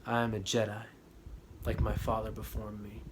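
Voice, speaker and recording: A man's voice: on the low side, normal speed, natural voice. A man quoting a young male hero who defies an evil ruler in firm, plain declarations. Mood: defiant. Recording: steady background noise.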